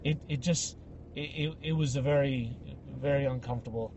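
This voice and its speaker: A young man co-hosting a podcast, telling animated comic stories and acting out the people in them. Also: medium pitch, moderate pace, husky. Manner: animated, acts out voices in anecdotes. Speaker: podcast co-host. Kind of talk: casual comedic storytelling.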